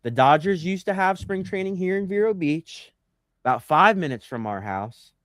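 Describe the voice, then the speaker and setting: A man's voice: high voice, moderate pace, no echo, studio quality. A man co-hosting a casual sports podcast, chatting, joking and reading out viewer comments. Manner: animated, jokey, reads out live comments. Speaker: podcast co-host.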